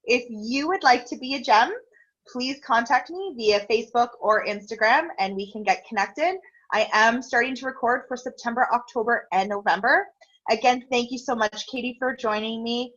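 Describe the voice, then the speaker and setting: A woman's voice: a little high, normal speed, a bit bright, muffled recording. A woman hosting a casual interview over a video call, earnest and grateful, talking openly and getting emotional. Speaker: interview host.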